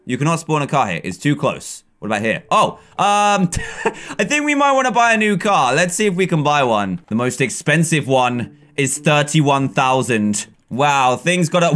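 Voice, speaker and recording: Excitable young man with lively pitch. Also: moderate pace. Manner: excitable, laughs often, talks to the game's players. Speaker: gaming video host. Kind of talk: casual gameplay commentary. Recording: faint game music behind.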